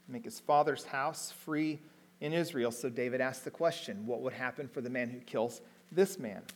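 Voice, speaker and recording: Emphatic male preacher in a sermon. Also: mid-range voice. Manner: slows down and lifts his voice to stress key words; retells the story in everyday paraphrase between readings. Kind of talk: sermon reading and retelling scripture.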